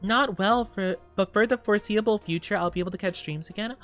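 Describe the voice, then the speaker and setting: A woman's voice: medium pitch, fairly quick, soft background music. Bubbly streamer woman with cutesy slang. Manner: repeats warm well-wishes to chat. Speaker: streamer reading chat. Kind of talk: casual livestream chat.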